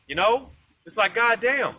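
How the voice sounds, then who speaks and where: A man's voice: sits high, expressive, measured pace, bright, forceful tone. A man preaching outdoors on a street in a casual, repetitive way, often tagging his points with "man" and "you see". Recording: noisy outdoor street recording. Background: traffic noise.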